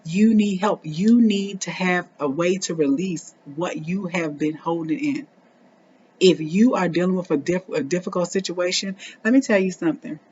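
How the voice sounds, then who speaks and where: A woman's voice: on the low side, moderate pace, a little mellow, slight background noise. Earnest mother in her forties, lo-fi. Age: 40s. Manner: earnest, repeats phrases for emphasis, speaks straight to other parents. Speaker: parenting vlogger. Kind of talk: heartfelt motivational talk to camera.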